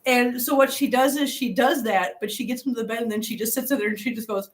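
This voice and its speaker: This livestream host is a middle-aged woman who talks fast in a fairly high voice. Broadcasting casually from a hotel room, she wanders from topic to topic, repeats herself, and reads her viewers' comments aloud.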